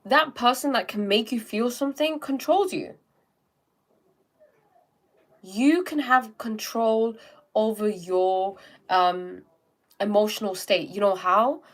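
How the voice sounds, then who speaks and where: A woman's voice: mid-range voice, takes it slowly, long pauses. A young woman hosting a live stream, talking casually about self-help and often checking in with "okay?". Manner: chatty, repeats "okay?" and "um", acts out little scenes.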